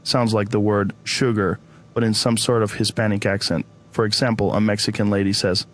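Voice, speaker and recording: A man's voice: on the low side, little pitch movement, moderate pace, a little hiss or hum. A man hosting a comedic interview sketch, sarcastic and profane with a mock-serious delivery. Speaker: host.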